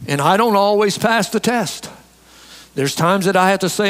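A man's voice: high voice, animated, normal speed, a bit bright, big-room sound. A man preaching a sermon as pastor to his church, reading scripture and urging honesty.

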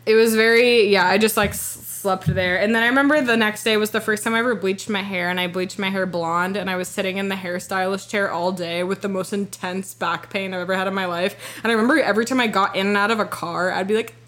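A woman's voice: mid-range voice, steady tone, fast, hardly any pauses, fairly bright tone. A woman in her twenties telling a personal story on a podcast, rambling and filling her talk with "like" and swearing. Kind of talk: casual storytelling.

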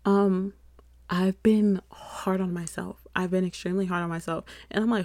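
A woman's voice: on the low side, steady tone, normal speed, darkish tone, no echo, studio quality. A young adult woman hosting a solo podcast, rambling in a chatty, self-deprecating way with frequent laughs. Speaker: podcast host. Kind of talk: casual solo podcast chat.

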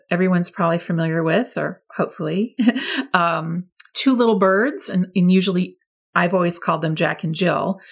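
A woman early childhood educator explaining classroom methods to other teachers in a friendly, instructive way. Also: lowish voice. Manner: friendly, demonstrates voice levels with lively examples. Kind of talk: teacher training talk.

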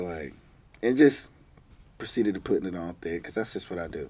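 A young man with a lowish voice telling stories from his childhood, loose and slangy. He laughs often and teases as he talks, in a relaxed, chatty vlog manner. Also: measured pace, long pauses. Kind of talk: casual storytelling.

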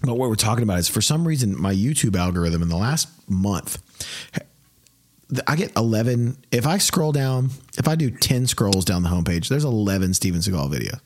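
A man hosts a podcast in an easy, meandering way, slightly low in pitch. He strings his thoughts together with constant fillers and restarts. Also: animated, brisk. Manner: rambling, lots of fillers. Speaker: podcast host. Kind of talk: casual chat.

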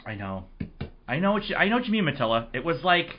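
A man hosting a casual sports podcast, his voice hoarse, telling rambling, excitable stories. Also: a little high, fast talker, highs cut off, a little hiss or hum. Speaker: podcast host.

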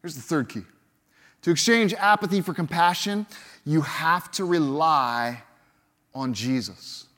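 A man preaching a sermon as pastor. He swings from loud, lively lines to hushed, slow ones, often repeats a word as he starts a sentence, and briefly acts out the voices of people in the story he tells. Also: on the high side, in a large hall.

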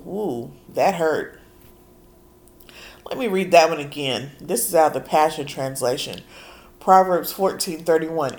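A hoarse woman preaching a sermon, speaking earnestly and casually and reading scripture aloud with emphasis. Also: sits low, animated, a little slow, long pauses. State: hoarse from allergies.

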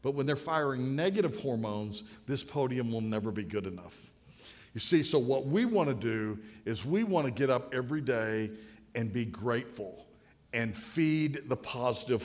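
Man in his late 50s preaching in a big echoing hall. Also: mid-range voice. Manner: folksy, anecdotal, builds to punchlines. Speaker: speaker at a podium. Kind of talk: humorous storytelling sermon. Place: large hall with an audience. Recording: long reverb of a large hall.

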